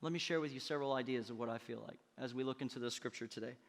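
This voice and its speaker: A man preaching a sermon as pastor, energetic and conversational, with playful asides to his congregation. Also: medium pitch, rapid-fire, in a large hall. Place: church auditorium.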